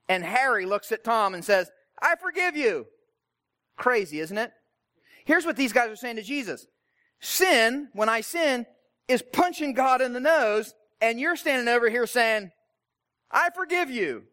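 A male pastor delivers a sermon in a relaxed, conversational way, asking rhetorical questions and tagging his points with "right?". His voice sits notably high for a man.

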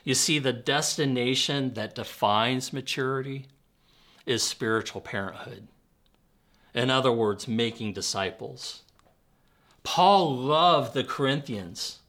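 A male pastor delivers a sermon with a bright, forceful tone. He talks earnestly, painting vivid word pictures and slipping in light humor. His pitch sits in an ordinary middle range. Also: slow pace.

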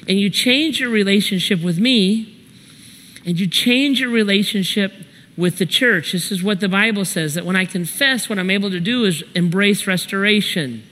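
Middle-aged man, pastor, emphatic sermon, high voice, long hall reverb. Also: moderate pace, pushed and bright. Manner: emphatic, repetitive, direct address. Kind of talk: sermon with storytelling.

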